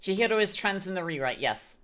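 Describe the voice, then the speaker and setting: A woman's voice: mid-range voice, animated, fairly quick, a bit bright. A woman streaming a game, chatting casually and thinking aloud as she plays.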